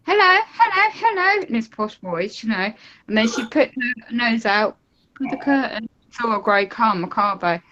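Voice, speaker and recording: A woman's voice: mid-range voice, normal speed, fairly bright tone, highs cut off. A woman calling in to a live talk show, chatting in a rambling way with lots of fillers and asides. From United Kingdom. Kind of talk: casual chat.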